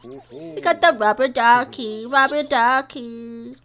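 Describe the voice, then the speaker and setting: A young woman giving casual let's-play commentary, chatty and yelling at the game characters. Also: a little high, takes it slowly. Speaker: gaming streamer.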